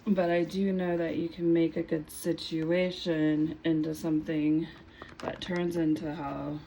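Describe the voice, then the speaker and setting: A woman giving a casual tarot reading in an unhurried, musing way, her voice a little hoarse from just waking up. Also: low voice, flat delivery, background noise. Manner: unhurried, musing, trailing off mid-thought. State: slightly hoarse, just woke up. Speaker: tarot reader.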